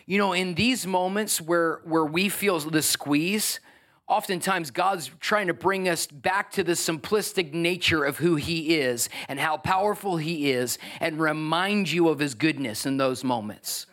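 A man preaching a lively sermon as pastor, acting out the voices of biblical figures. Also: a little high, unhurried.

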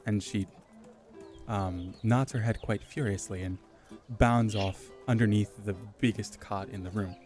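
A man's voice: lowish voice, steady tone, a little slow, a little mellow, faint music behind. A man acting as game master, narrating a tabletop game with descriptive detail and frequent filler ums.

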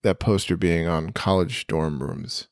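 A man's voice: low-pitched, unhurried, creaky, dry recording, studio quality. A man co-hosting a podcast, chatting casually in a playful, teasing way. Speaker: podcast co-host. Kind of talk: casual chat.

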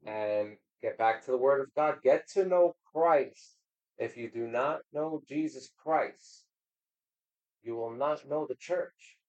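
A man speaks as a guest on a casual faith podcast. He sounds halting and preachy and often repeats his words. The recording is dull and muffled. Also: mid-range voice, darkish tone.

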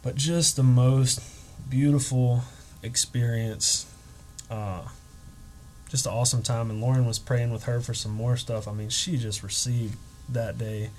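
A man recounts a story on a podcast, his voice sitting in a middle range. He gets animated and acts out what people said, with his emotion rising and falling. A faint hiss runs under the recording. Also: medium pitch, unhurried, poor audio. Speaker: guest telling a ministry story.

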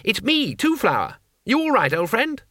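A man voicing a cheerful, eager male tourist who talks in a bright, friendly way, in an audiobook reading. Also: very high voice, huge pitch swings, moderate pace, no room sound, clean studio sound, pitched above the performer's own voice, full character voice.

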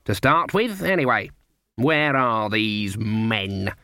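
A man voicing a stern, sharp old woman witch in a storybook reading, with a clipped, dry delivery. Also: lowish voice, sing-song, takes it slowly, no room sound, heavily acted.

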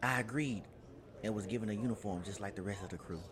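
A man reading a first-person adventure story in a measured, journal-like way, with crowd noise behind. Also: lowish voice. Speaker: narrator.

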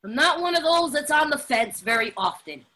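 A woman giving an animated, dramatic personal testimony at a recovery meeting, laughing often as she talks. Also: sits high, moderate pace. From Latin American heritage. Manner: animated, emphatic, dramatic storytelling; laughs often while talking.

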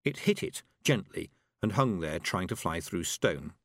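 A man reading a fantasy novel aloud with a lively, expressive lilt that rises and falls. His voice sits at a middle pitch. The recording is dry and close, with no room sound. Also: a little slow, no echo. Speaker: audiobook narrator. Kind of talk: scripted narration.

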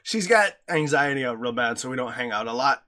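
A man co-hosting a podcast, telling stories in an animated, joking, profane way. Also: medium pitch, brisk, a little hiss or hum. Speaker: podcast co-host. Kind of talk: casual chat, storytelling.

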